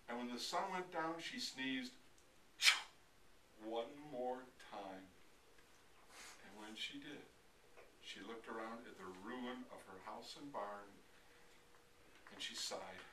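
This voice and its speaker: A man telling a folktale aloud in a lively, dramatic way, swinging between loud and hushed. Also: medium pitch, measured pace, long pauses. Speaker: storyteller. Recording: distant, echoey live recording with noise.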